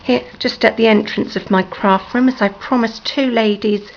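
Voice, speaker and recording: A woman with a hoarse, sore-throated voice gives a slow, hesitant, apologetic tour of her room, with many ums. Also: fairly high pitch, fairly even intonation. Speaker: crafting vlogger. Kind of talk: casual room tour vlog. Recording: dull lo-fi home video with faint noise.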